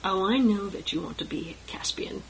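A woman voicing a small, sly and nervous male creature who sneers and drops into hushed asides. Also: medium pitch, fairly quick, vocal fry, a little hiss or hum, natural voice, rough recording. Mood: smug.

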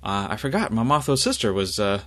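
A man's voice: lowish voice, big pitch swings, brisk, fairly bright tone. Man voicing an eager young student pilot. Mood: friendly. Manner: hesitant, many fillers.

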